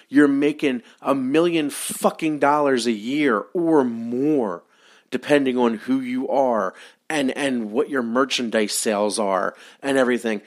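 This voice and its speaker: A man's voice: mid-range voice, no echo, clean studio sound. A man hosting a solo podcast, ranting with heavy profanity and repeated exasperated pleas. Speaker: podcast host. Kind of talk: solo wrestling podcast rant.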